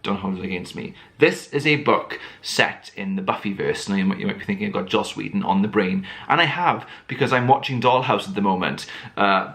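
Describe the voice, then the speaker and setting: Man, book vlogger, casual rambling chat, slightly low pitch. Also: bright, forceful tone. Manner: chatty, rambling, many fillers and restarts.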